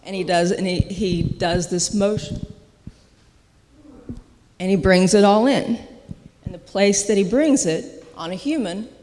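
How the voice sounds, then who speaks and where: Slow, earnest testimony speaker at a church service, mid-pitched and halting, heard with long sanctuary reverb. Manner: halting, earnest, with frequent restarts and soft laughs. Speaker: guest speaker sharing a testimony.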